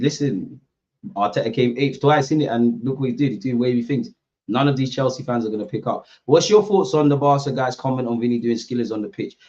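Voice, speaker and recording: Young man, streamer-host of a football watchalong, animated slangy banter, mid-range voice, slightly muffled stream audio. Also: medium pitch. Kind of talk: casual chat to live viewers.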